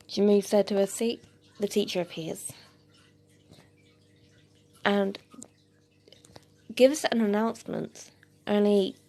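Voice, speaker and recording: Gravelly, mellow-voiced woman telling a story. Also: mid-range voice. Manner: plain reading with hesitant fillers. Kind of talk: amateur audio story narration.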